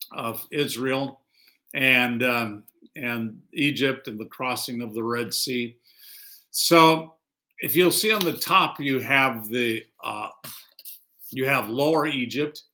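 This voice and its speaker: A man's voice: a little high, pushed and bright. A middle-aged man preaching a conversational sermon as a pastor, acting out quoted lines.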